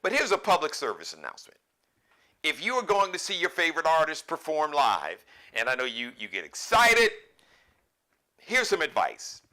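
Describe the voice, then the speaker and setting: Bright-voiced, chatty male host. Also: fairly high pitch, normal speed. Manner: chatty, joking, digressive, animated bursts. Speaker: show host. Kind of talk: casual live-show monologue.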